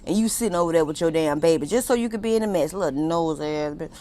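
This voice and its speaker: A woman's voice: low-pitched, quick pace, warm tone. Sassy woman. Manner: sassy, blunt, profane, laughs often. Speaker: reality TV recap host. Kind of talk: casual recap commentary.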